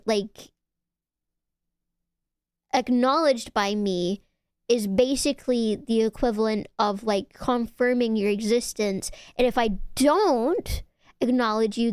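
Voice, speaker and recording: A young woman streamer in casual chat, reading messages aloud and teasing her viewers, swearing and getting excitable. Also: a little high, smooth, no room sound, clean studio sound.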